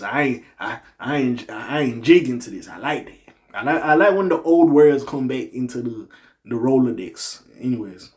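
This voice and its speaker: Animated man doing casual hip-hop commentary. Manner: animated, swings from loud exclamations to low muttered asides. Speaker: commentary channel host.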